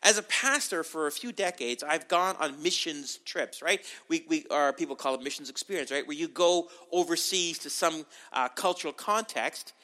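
A middle-aged man from Canada preaching as a pastor in a conversational sermon style, with animated delivery and frequent asides. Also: fairly high pitch, normal speed, few pauses.

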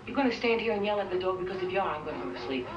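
A woman's voice: on the low side, animated, racing, highs cut off, lightly acted. An actress playing a patient but weary wife who talks her husband down in a film clip. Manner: tired, placating. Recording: roomy distant film audio with noise.

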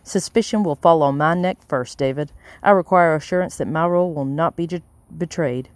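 A reader voicing a wary, wealthy colonial-era gentleman who talks in a curt, guarded way in an audiobook. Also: mid-range voice, a little fast, no room sound, close to an everyday voice. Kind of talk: audiobook character reading.

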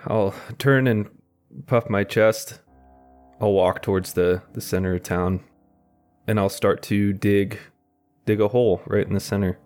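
A man playing a tabletop game, describing his character's actions in a halting way with many fillers. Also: low-pitched, fairly even intonation, darkish tone, soft background music. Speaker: player.

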